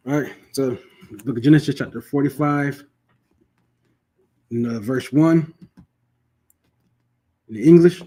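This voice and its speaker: A husky-voiced man leads a Bible class at an ordinary middle pitch. He reads scripture slowly and deliberately, then slips into relaxed, slangy retelling full of asides. His voice now and then drifts away from the microphone. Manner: slow deliberate reading, then loose conversational retelling with slang. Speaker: Bible study teacher. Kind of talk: scripture reading and casual explanation.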